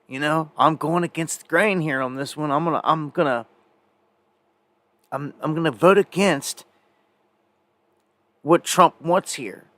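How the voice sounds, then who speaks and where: A man's voice: a little high, a bit bright, no echo. A man hosting a live independent news show, talking in a rambling, conversational way with many fillers and restarts. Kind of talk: casual live news commentary.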